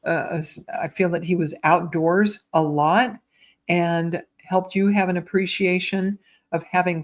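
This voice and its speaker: A woman giving live psychic readings to online viewers in a gentle, reassuring way, calling them sweetheart and my dear. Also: on the low side, dull audio. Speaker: psychic medium.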